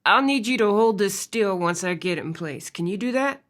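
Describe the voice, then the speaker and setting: A woman narrator voicing a calm male rancher with a low, raspy voice, coaxing and soothing in an audiobook. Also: normal speed, close to an everyday voice. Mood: steady, instructive.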